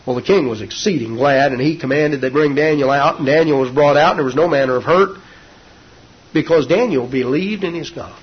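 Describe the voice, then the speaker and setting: Husky folksy preacher, dull lo-fi recording. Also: male voice, a little high, brisk. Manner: folksy storytelling, retelling scripture in homely words. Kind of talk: sermon.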